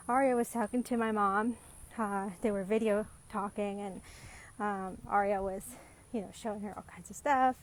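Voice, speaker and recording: A woman talking to camera as a parent in a casual, reflective monologue, rambling with many ums and restarts, earnest and growing emphatic. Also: fairly high pitch. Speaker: parent vlogger.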